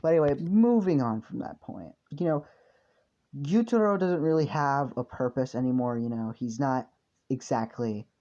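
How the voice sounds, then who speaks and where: A man's voice: medium pitch, normal speed, mellow. A man telling a fan story casually, rambling and swearing with lots of fillers. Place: hot room indoors. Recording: dull lo-fi home recording.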